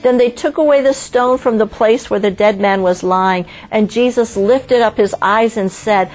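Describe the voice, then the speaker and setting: A woman giving a scripted devotional Bible teaching, reading scripture slowly and lingering on key words. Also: on the high side, a little mellow, low-quality recording.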